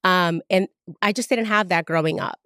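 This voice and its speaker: A woman's voice: on the low side, moderate pace, fairly bright tone, smooth, no echo. A woman from Honduras speaking as a guest in a studio interview, talking in an earnest, reflective way with some fillers. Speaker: guest, marketing consultant. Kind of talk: casual interview talk.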